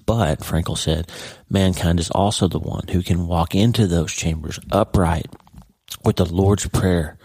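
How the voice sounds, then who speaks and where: A man's voice: sits low, steady tone, measured pace, darkish tone, slightly rough, no room sound. A middle-aged man hosting a podcast, talking earnestly and heartfelt straight to his listener in a personal monologue. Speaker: podcast host.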